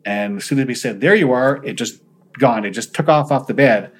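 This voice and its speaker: A man's voice: medium pitch, fairly quick, slightly rough, rough recording. A man, a paranormal investigator, earnestly recounting his investigations in an interview and acting out the dialogue he quotes.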